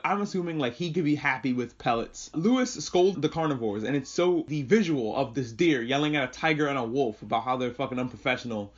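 A man's voice: on the high side, animated, a little fast, highs cut off. A man hosting a podcast, recapping an episode in casual, swearing, jokey chat. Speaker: podcast host.

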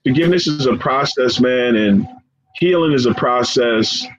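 A man being interviewed as a guest, speaking earnestly and with deep emotion, often repeating phrases and calling his listener "man.". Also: normal speed. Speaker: guest, professor and founder of a forgiveness organization. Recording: dull lo-fi sound with faint background noise.

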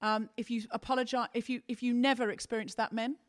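A woman with a fairly high voice co-hosts a live comedy podcast from a theatre stage. She tells stories with energy and acts out each person in them as she goes. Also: fast. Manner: animated storytelling, acting out the people in her stories. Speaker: podcast co-host. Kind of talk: live comedy podcast chat before an audience.

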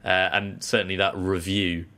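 Low-voiced man analysing cricket. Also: little pitch movement, moderate pace, pushed and bright. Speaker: cricket podcast co-host. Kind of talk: casual cricket discussion.

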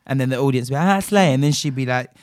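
A young man, co-hosting a casual chat, excitable and swearing as he gushes. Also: mid-range voice, rapid-fire, dry recording. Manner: excitable, swears a lot, gushing. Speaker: podcast co-host.

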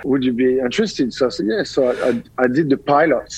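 A middle-aged man with a French accent and a husky edge to his voice, chatting as an interview guest. He tells animated stories, often repeating words as he finds them, his pitch sitting in a middle range. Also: fairly quick, low-quality recording. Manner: animated storyteller, repeats words while searching. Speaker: guest chef. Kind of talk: casual interview conversation.

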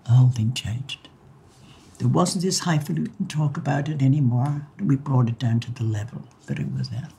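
With a rumbling low voice and vocal fry, an older Irish-accented woman talks at a normal pace while slight background noise hums along. In the interview she vividly reenacts remembered conversations and laughs from time to time.

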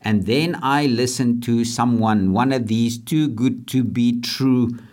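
A man's voice: medium pitch, fairly even intonation, slow pace, darkish tone. A man hosting a leadership podcast, talking earnestly and a bit repetitively about faith and purpose. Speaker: podcast host. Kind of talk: casual motivational faith talk.

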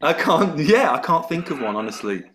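A man and comedy podcast guest, speaking softly with halting hesitation. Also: fairly high pitch, very animated, a loud crowd. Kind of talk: casual comedy chat.

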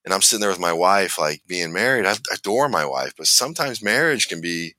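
His voice sits low, with lively intonation, a brisk pace and a sharp tone, and there's no echo. On his podcast he tells a long, rambling personal story in casual chat, restarting often and laughing while he talks.

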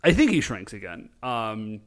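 Animated man recapping a show. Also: on the low side. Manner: animated storytelling with quick voiced quotes. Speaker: podcast co-host recapping a show. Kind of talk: casual chat.

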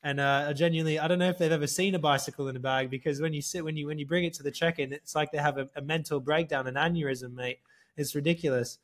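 A man co-hosting a casual podcast, telling animated stories, swearing freely and calling people "mate". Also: a little high, fast. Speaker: podcast co-host. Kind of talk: casual chat.

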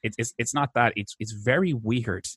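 A man's voice: medium pitch, moderate pace, a bit bright, slightly rough, no echo, studio quality. A man co-hosting a casual film podcast, talking in a rambling way full of restarts and hedges. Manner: rambling, hesitant, many restarts. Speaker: podcast co-host reviewing films. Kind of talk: casual chat.

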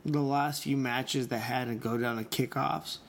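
A man's voice: medium pitch, fairly even intonation, unhurried. A man in casual conversation asking probing questions and checking agreement with "right?". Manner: questioning, seeks confirmation with "right?". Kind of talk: casual chat.

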